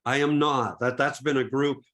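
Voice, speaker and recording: A middle-aged Massachusetts man who presents on photography fields audience questions in a laid-back webinar. He has no regional accent, a mid-range voice and a normal speed, and he chats along with lots of restarts and fillers.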